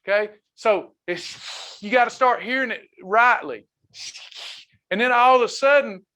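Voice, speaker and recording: A man's voice: extremely high pitch, bright, forceful tone. A man leading a faith-based wellness class, preaching with fervor and reading out members' comments as he goes. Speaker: wellness ministry leader. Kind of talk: preaching to a live online class.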